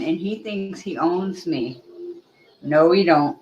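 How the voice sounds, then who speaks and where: A woman's voice: on the low side, slow, a little mellow, reverberant, slight background noise, poor audio. A woman chatting casually on a livestream at home, talking through earbuds, laughing and scolding a playful puppy. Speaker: livestream co-host.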